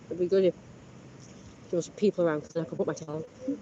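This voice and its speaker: A person vlogs outdoors by a canal in a chatty, boastful, wandering monologue, speaking at a quick pace in a warm, mid-range voice with fairly even intonation. The outdoor recording is slightly muffled, with faint background noise.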